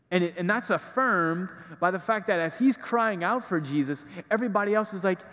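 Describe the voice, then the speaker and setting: A man's voice: high voice, a little fast, hardly any pauses, a bit bright. Man preaching a casual homily in a church. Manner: conversational, fillers like "kinda". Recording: reverberant hall.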